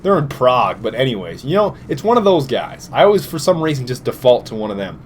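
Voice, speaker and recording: Young man, sleep-deprived, lively swooping voice, goofy outbursts, faint background noise. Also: medium pitch, fast. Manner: animated, jokey, sudden loud outbursts. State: tired, short on sleep. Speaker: gaming commentator. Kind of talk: casual gameplay commentary.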